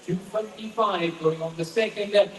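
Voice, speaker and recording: Male auctioneer, high voice, rapid bid chant, echoey hall from far off. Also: fairly even intonation, a little hiss or hum. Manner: rapid repetitive bid calling.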